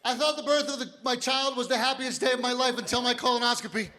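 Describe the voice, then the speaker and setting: High-voiced, animated man doing stand-up. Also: quick pace, background noise. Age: 50s. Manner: big animated storytelling, drops to quiet voices for quoted doctor. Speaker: stand-up comedian. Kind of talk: stand-up comedy set. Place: comedy stage. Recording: live hall with audience laughter.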